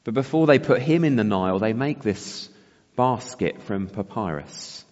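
A man's voice: on the low side, expressive, moderate pace, darkish tone. A man delivers a thoughtful sermon, often asking his listeners rhetorical questions. His voice carries a long reverb, as if in a church hall, and the recording sounds slightly dull and muffled. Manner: reflective, asks rhetorical questions. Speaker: preacher.

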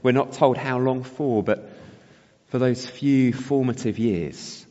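A man's voice: medium pitch, takes it slowly, darkish tone. Man, preacher, reflective rhetorical questions, long hall echo, muffled sound. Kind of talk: sermon.

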